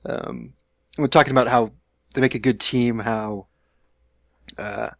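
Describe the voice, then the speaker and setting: A man's voice: mid-range voice, steady tone, unhurried, fairly bright tone, no echo, clean studio sound. A man on a casual podcast describing a movie line, hesitant with frequent ums and uhs. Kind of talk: casual chat.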